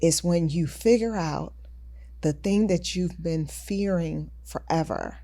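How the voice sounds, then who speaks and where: A woman hosting a podcast conversation, reflective and deliberate, stressing her words with a sing-song lift. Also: fairly low pitch, warm tone. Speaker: podcast host.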